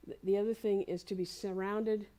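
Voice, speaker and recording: A woman minister giving a sermon, gentle and encouraging, slowly repeating phrases for emphasis. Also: medium pitch, flat delivery. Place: spiritual community center.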